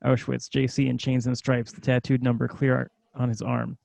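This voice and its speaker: A man's voice: mid-range voice, completely flat delivery, moderate pace, gravelly, darkish tone, no room sound. A man narrating screenplay stage directions in a matter-of-fact way.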